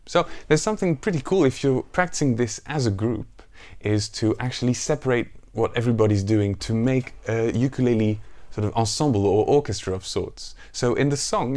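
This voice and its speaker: With a mid-range voice, a man gives a laid-back ukulele lesson, counting the beats out loud, walking through the plucking pattern and singing lines softly. Ukulele music plays beneath his voice throughout.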